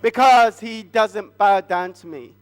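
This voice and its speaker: A man voicing a boastful, spiteful royal official in a church children's story, speaking loudly and gloating. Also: high-pitched, takes it slowly, clean tone, big-room sound.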